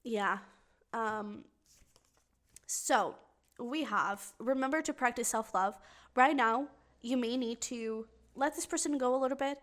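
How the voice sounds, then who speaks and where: A woman with a fairly high voice reads tarot cards for her viewers. She thinks out loud and sounds emotionally invested as she speaks directly to the listener. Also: a little slow. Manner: chatty, thinks aloud while reading the cards. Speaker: tarot reader. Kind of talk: pick-a-card tarot reading to viewers.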